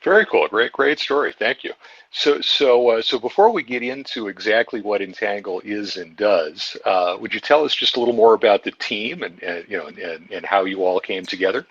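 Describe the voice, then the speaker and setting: A man's voice: lowish voice, normal speed, a bit bright, husky, no room sound. A man hosting an interview over an online voice call, friendly and prone to repeating words as he starts sentences. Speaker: host of the interview. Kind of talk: live audio chat interview. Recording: dull, dry lo-fi call audio.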